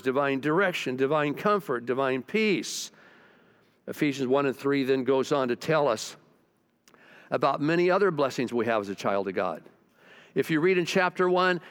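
Older pastor preaching, low drops. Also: male voice. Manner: storytelling preacher, drops low and quiet for emphasis; talks to the congregation with questions. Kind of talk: sermon.

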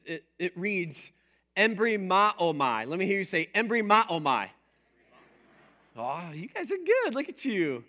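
A man preaching a sermon in an animated, playful way, drawing his congregation into call-and-response. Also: high-pitched. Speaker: pastor.

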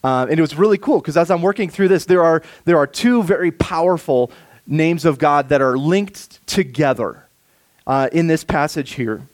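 A man preaching a sermon, reading scripture slowly and softly, then rising for emphasis. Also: a little high. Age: adult with children. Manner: expressive preaching, slows and softens for scripture, rises for emphasis. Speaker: pastor.

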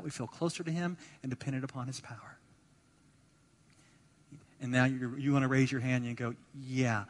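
A man preaching a sermon as pastor, animated, acting out the voices of the people he quotes and repeating words as he builds his points. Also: medium pitch. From United States. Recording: long hall reverb.

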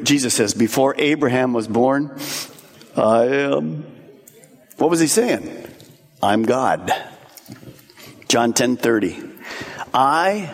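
A pastor preaching in a big hall with a long ringing echo. His voice sits a little high for a man, and he swings between rising and hushed emphasis. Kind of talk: sermon. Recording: long reverb of a large hall.

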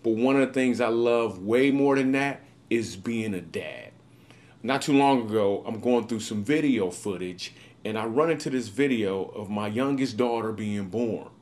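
A man's voice: fairly low pitch, moderate pace, a little mellow. Casual, upbeat man telling a story. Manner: casual and upbeat, with slangy asides. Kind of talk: recorded video monologue.

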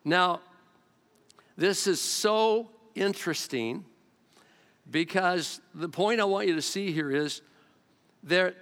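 Brief: male pastor, somewhat high voice, lively storyteller, big echoing hall. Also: slow pace, pauses often. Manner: animated storytelling, acting out quotes in varied voices. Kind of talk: sermon. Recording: long hall reverb.

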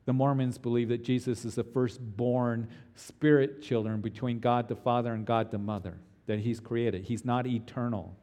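Middle-aged man, pastor, earnest emphatic sermon, mellow voice, long hall reverb. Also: medium pitch, steady tone, normal speed, few pauses. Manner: earnest, emphatic teaching with frequent restarts. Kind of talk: expository sermon.

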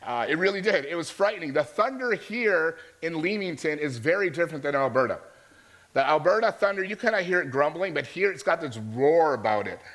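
A man preaching to his congregation, his voice sitting a little on the high side. He tells the story as a conversation, often pausing to check that his listeners are following him. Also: animated, a bit bright. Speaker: pastor. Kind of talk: sermon.

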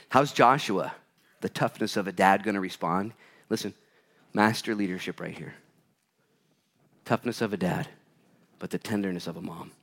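A man preaching a sermon and reading scripture, swinging between loud bursts and hushed asides. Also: low voice, measured pace, pauses often. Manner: reads scripture aloud. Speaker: pastor.

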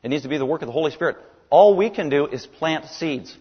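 A man with a fairly high voice preaches a sermon, leaning hard into his key words so they ring out. The sound carries a long reverb, like a large church hall. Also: expressive, fast talker, darkish tone, husky.

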